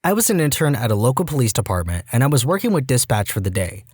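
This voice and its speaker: A man's voice: mid-range voice, sing-song, fast, slightly rough, dry recording. Man reading reddit stories, dry close mic. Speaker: reddit story narrator. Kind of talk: reading reddit posts aloud.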